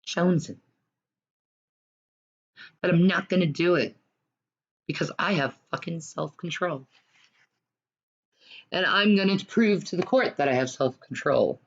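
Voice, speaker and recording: A woman in loose, rambling, profane chat, swinging from loud sing-song taunts to low mutters, on dull lo-fi audio. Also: a little slow, long pauses. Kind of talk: casual rambling commentary.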